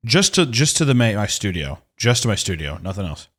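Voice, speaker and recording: Low-voiced man ranting on a podcast. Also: sing-song, a little fast, fairly bright tone. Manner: ranting, exasperated, profane. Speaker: podcast host. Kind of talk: casual comedic storytelling.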